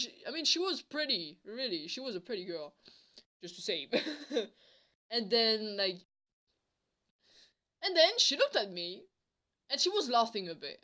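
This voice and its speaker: A woman's voice: mid-range voice, pushed and bright. A woman vlogger telling a casual storytime, rambling with many fillers and some swearing.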